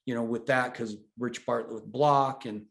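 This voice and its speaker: A man in his forties, telling his story with animated, casual energy as an interview guest. His voice sits at an ordinary middle pitch. He talks loosely and now and then lets a swear word slip. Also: moderate pace, gravelly. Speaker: interview guest, brand founder.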